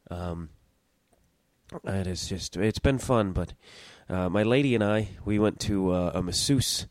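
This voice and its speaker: A young man on his own podcast tells a story in a rambling way, interrupting himself and swearing casually. His voice is low and darkish, his pace measured, and the recording is dry.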